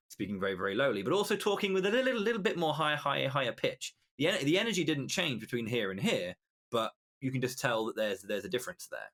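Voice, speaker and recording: A British man with a fairly low-pitched voice, talking through his thoughts as a guest on a casual podcast. He restarts his phrases as he works his ideas out aloud. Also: fairly bright tone. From Britain. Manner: explanatory, restarts phrases while thinking aloud. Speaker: guest commentator.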